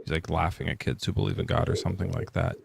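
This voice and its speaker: A man's voice: low voice, fast, gravelly, slight background noise. A man hosting a casual live chat, rambling with lots of fillers and laughing often. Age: adult parent. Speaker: host.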